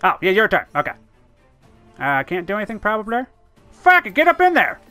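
Gamer, gameplay commentary, excitable, swearing, lively pitch, faint music underneath. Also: a little fast. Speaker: let's play gamer.

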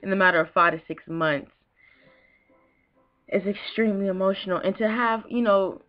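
A woman's voice: medium pitch, normal speed. Emotional young woman vlogging. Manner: emotional, rambling, with restarts. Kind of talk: casual vlog talk. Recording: dull lo-fi home video.

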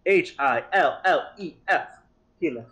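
A young man serving as game master in a casual tabletop session, with a slightly high voice. He rambles and pokes fun at himself, with plenty of fillers. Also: animated, slow pace, a bit bright. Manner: rambling, self-mocking, full of fillers.

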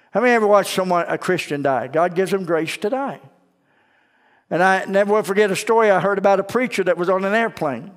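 Pastor preaching with twang, reverberant. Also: male voice, sits high. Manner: storytelling with acted dialogue, urgent exhortation. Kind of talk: sermon. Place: church sanctuary. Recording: long church reverb.

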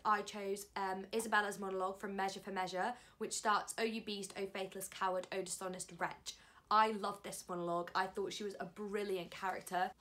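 A woman's voice: mid-range voice, fairly bright tone. A young adult woman, giving casual advice in a chatty, enthusiastic way. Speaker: vlogger, drama school applicant.

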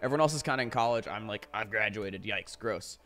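A young man in his twenties rambling casually to his live-stream chat, animated and full of "like" and swearing. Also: on the low side, fairly quick, faint music behind.

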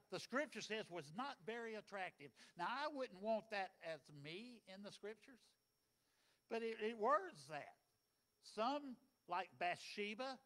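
A man preaching a sermon, folksy and dynamic, swinging between loud and soft. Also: sits high. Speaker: pastor.

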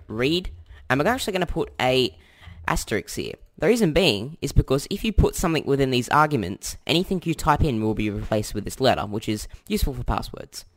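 Young aussie guy walking through code, lively up and down voice, keeps correcting himself, keys clacking behind. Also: medium pitch. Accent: Australian. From Australia. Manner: chatty and self-correcting, thinks aloud while typing. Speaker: tutorial host. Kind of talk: casual screen-recorded coding tutorial.

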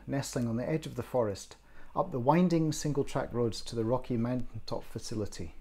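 A man reading his own short story aloud in an expressive, measured way. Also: medium pitch, gravelly, breathy edge. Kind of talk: scripted story narration.

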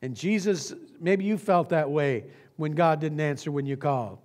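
Male pastor, higher register, earnest storytelling sermon in a church sanctuary. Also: darkish tone. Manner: earnest storytelling preacher, slows for emphasis.

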